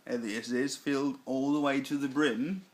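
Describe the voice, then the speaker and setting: A man giving a casual product review in a slow, deliberate way, thinking aloud with fillers. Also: medium pitch, fairly even intonation. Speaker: snuff reviewer.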